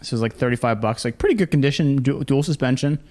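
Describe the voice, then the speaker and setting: A man's voice: mid-range voice, fast, darkish tone. Joking young man telling stories. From Canada. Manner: joking, tells stories with quoted voices. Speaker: podcast co-host. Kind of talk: casual chat.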